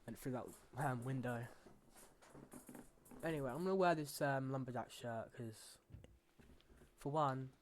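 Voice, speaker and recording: A man's voice: medium pitch, measured pace, long pauses, a little hiss or hum. A man hosting a gaming channel, talking to himself as he plays in loose, rambling commentary full of fillers and restarts. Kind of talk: casual gameplay commentary.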